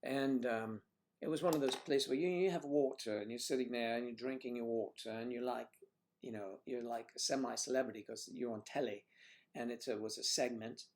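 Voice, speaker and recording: A man's voice: medium pitch, fairly even intonation, fairly quick, darkish tone. A man hosting a casual livestream, chatting and telling rambling stories. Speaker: livestream host.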